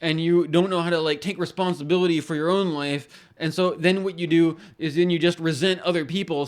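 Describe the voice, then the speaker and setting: A man's voice: fairly high pitch, fairly even intonation, brisk, hardly any pauses, smooth. A man hosting an astrology channel, talking in a casual rambling monologue with many restarts and casual swearing.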